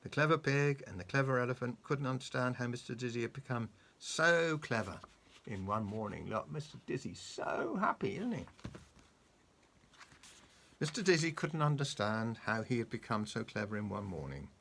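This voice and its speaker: A man reading a children's story aloud, animated and coaxing, stopping to ask the child questions. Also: medium pitch, normal speed, vocal fry, a little hiss or hum.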